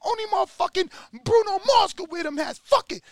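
A man's voice: very high-pitched, expressive, pitched above the performer's own voice. A man doing a brash, hotheaded young boxer. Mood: cocky, furious. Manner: profane, shouting, rapid bragging.

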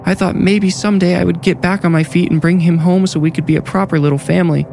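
A man voicing a desperate young nurse who sobs and pleads in a high, tearful voice. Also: steady tone, quick pace, gravelly, a little hiss or hum. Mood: sobbing.

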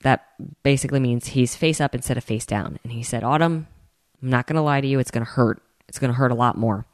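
Low-voiced woman telling a personal story. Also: fast, no echo, clean studio sound. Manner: animated, acts out quoted people, addresses listeners directly. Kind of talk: casual storytelling to viewers.

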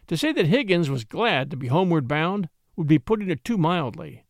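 Male storyteller, fairly high voice, expressive reading, dry studio sound. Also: brisk, few pauses, no echo. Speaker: narrator. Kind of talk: scripted storybook narration.

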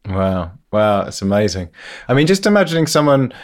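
A man's voice: on the low side, very animated, moderate pace. Self-deprecating male podcast host. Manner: self-deprecating, laughs easily. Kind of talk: casual chat.

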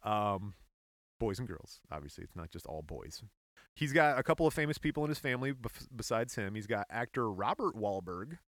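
A man co-hosting a podcast in casual chat, animated and laughing, now and then jumping into high silly voices. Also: fairly quick, no echo, clean studio sound. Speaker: podcast co-host.

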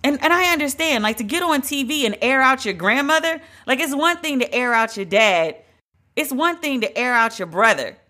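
A solo podcast host riffs on celebrity news with a bright, forceful voice. The delivery is emphatic and dramatic, full of slang, swearing and long exclamations. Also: high voice, animated, normal speed.

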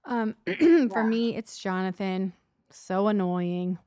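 A woman in her thirties co-hosting a casual chat, animated and laughing often, getting emphatic when something irritates her. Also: medium pitch, slow pace, no room sound, clean studio sound. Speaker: podcast co-host.

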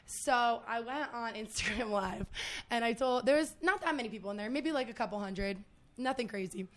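A young woman with a fairly high voice tells a story as a podcast guest. She talks loosely, drops swear words, laughs as she goes, and fills her sentences with "like". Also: moderate pace, a bit bright. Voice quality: laughing often, swearing, lots of "like". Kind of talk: casual chat.

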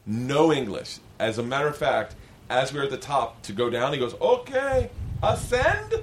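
A podcast host with a medium-pitched voice speaks at normal speed, telling a story in casual, profane chat. He's animated and acts out the voices of the characters.

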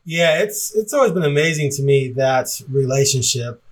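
A man's voice: mid-range voice, lively intonation, moderate pace. Reflective man in casual podcast chat. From Portland, Oregon area. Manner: rambling, reflective, laughs often. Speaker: podcast co-host.

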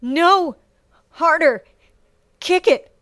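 A fierce, wounded young heroine barks orders through pain, her voice leaping high and loud, as a woman narrator puts her on. The voice is smooth and close, with a dry sound. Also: normal speed, dry recording, close to an everyday voice. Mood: urgent shouting. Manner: urgent, shouting through pain.

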